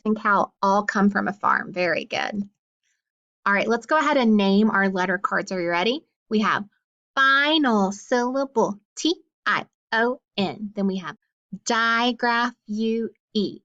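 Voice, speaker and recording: Woman, phonics teacher, sounds out words for kids, slow, slightly muffled lo-fi recording. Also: mid-range voice, bright, forceful tone. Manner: sounds out letters and words slowly, praising. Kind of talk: slow, clear phonics lesson for children.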